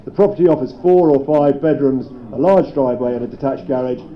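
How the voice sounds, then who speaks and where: A man working as an auctioneer, rattling off bids at a live property sale with playful banter. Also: mid-range voice. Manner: brisk bid-calling with playful banter. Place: auction room. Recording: dull lo-fi live stream sound.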